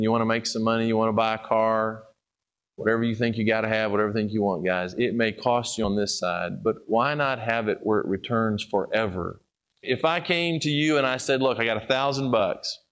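A man preaching a sermon and telling stories, rising to loud emphatic peaks and then dropping to hushed, low passages. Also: lo-fi sound.

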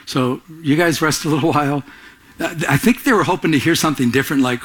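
A man's voice: a little high, fast, a bit bright, breathy edge. A man preaching a conversational Bible-study sermon, earnest and urgent, with frequent restarts. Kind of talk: sermon teaching.

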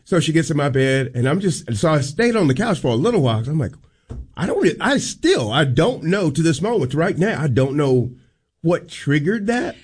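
A man co-hosting a radio show, telling a personal story on air in a casual, earnest, halting way. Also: a little high, big pitch swings, husky.

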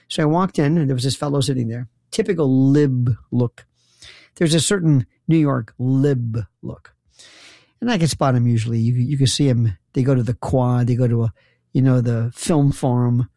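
A man's voice: medium pitch, creaky, dark tone, no room sound. A man, a former prosecutor, delivering a rambling, sarcastic comic monologue full of incredulous rhetorical questions. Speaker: talk show host, former prosecutor. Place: New York.

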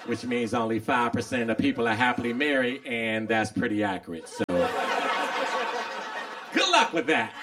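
A man's voice: medium pitch, sing-song, moderate pace, noisy background. A man doing stand-up comedy, delivering a punchline wryly.

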